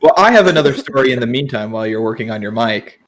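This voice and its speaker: A man's voice: medium pitch, lively intonation, quick pace. A man telling a short story on a casual podcast, hesitant and laid-back. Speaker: podcast co-host.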